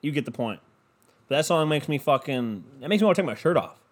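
A man hosting a podcast, ranting casually with constant swearing and a loud, animated delivery. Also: on the high side, fast talker, faint music behind. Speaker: podcast host.

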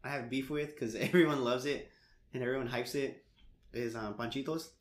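This young man tells stories in a loose, animated way, with lots of laughs and casual swearing. His voice sits at a middle pitch. It bounces around an echoey room. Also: normal speed. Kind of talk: casual chat.

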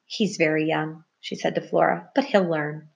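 A woman voicing a small, bold young female mouse who talks in a bossy, cheerful, high chirpy way. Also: steady tone, moderate pace, vocal fry.

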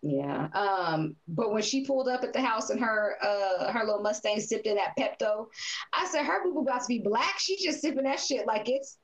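A woman's voice: fairly high pitch, normal speed, rough recording. A woman co-hosting a casual movie review podcast, telling stories with lots of laughter and swearing. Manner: animated, laughing, profane storytelling. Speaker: podcast co-host.

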